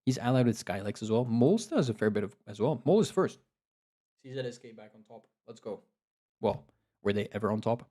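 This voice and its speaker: A man giving live, excitable commentary on an online strategy game, laughing and cheering players on, sounding a bit tired. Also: medium pitch, fairly quick. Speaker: game commentator and league host.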